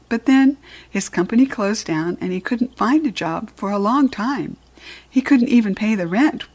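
A woman reading a children's storybook aloud in a gentle, expressive way. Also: mid-range voice. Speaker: narrator.

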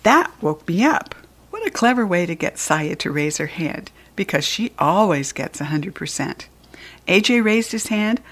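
A woman narrating a children's book aloud in an expressive, lively way. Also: mid-range voice, slightly rough. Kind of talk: read-aloud storytelling.

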